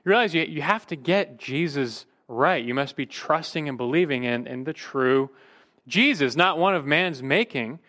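A man's voice: fairly high pitch, expressive, moderate pace, pushed and bright. A male pastor preaching a sermon emphatically, his voice rising and dropping for emphasis, sometimes restarting a word mid-phrase.

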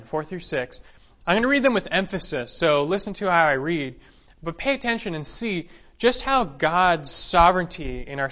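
A man's voice: a little high, pushed and bright, muffled recording. A man preaching an expository sermon as pastor, reading scripture aloud and repeating key phrases with emphasis.

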